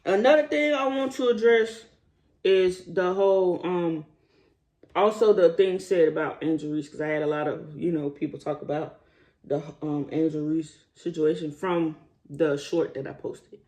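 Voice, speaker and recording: Animated man ranting straight to viewers. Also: on the high side, normal speed. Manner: animated, rising to indignant emphasis; talks straight to viewers as y'all. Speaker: commentary vlogger. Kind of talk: casual opinion vlog.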